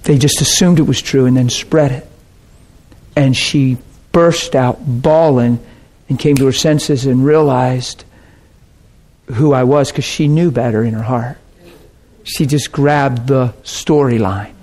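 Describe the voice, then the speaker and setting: A man preaching a personal testimony, telling the story with strong feeling and swinging between soft and loud delivery. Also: mid-range voice, steady tone, takes it slowly, long pauses. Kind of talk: sermon testimony.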